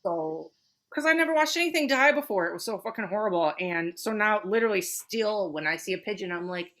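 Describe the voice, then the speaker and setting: A woman's voice: medium pitch, animated, fairly quick, a bit bright. A woman with a Detroit accent, co-hosting a podcast, talking bluntly in casual chat, full of "like" and swearing. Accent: Detroit, Michigan. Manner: blunt, heavy "like" filler, swearing. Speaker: podcast co-host.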